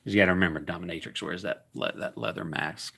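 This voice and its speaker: A man's voice: deep voice, fast talker, creaky, bright, forceful tone, slightly rough. A man hosting a solo tabletop wrestling game, commenting in a jokey ring-announcer style and often chuckling and correcting himself.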